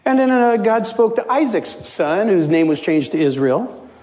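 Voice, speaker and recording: A man preaching a sermon, telling a story with lively, animated delivery and frequent laughs. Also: high-pitched. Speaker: pastor. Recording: long hall reverb.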